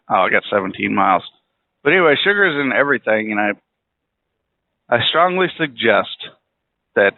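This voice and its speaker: A man with a mid-range voice hosts a podcast while driving, delivering a casual, rambling monologue full of blunt opinions and free swearing. There's no room sound, and the audio is tinny and phone-like.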